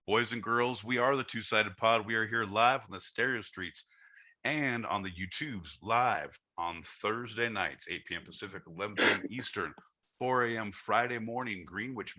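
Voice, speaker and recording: Brash, bright-voiced podcast host man. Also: lowish voice, normal speed. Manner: loud, rambling, profane joking. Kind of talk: casual live-stream banter.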